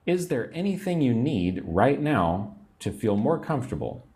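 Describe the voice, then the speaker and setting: An American man giving a livestream English lesson, repeating phrases clearly and greeting viewers by name. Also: mid-range voice, sing-song, normal speed, darkish tone. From United States. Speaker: English teacher.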